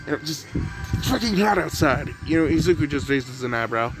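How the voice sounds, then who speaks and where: A man's voice: fairly high pitch, expressive, a little fast, over music. A man improvising a fan story narration, rambling with many fillers.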